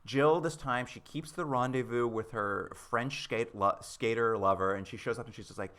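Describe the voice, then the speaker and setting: Guy on a podcast recapping a tv episode, bright tense voice, sarcastic, does little voices for the characters. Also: medium pitch, moderate pace, few pauses. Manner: animated, sarcastic, acts out quotes. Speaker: podcast co-host. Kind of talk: casual chat recapping a TV episode.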